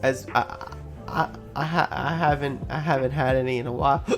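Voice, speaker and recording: A man's voice: medium pitch, steady tone, normal speed, music in the background. A man in a casual podcast chat, chiming in with short agreements and crude jokes. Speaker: podcast co-host.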